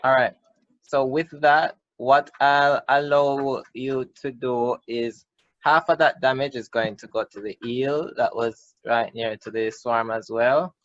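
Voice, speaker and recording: A man's voice: medium pitch, steady tone, a little slow, fairly bright tone, no echo, highs cut off. A man with a Jamaican accent, the game master, explaining rules and describing outcomes. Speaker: dungeon master. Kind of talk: running a tabletop game.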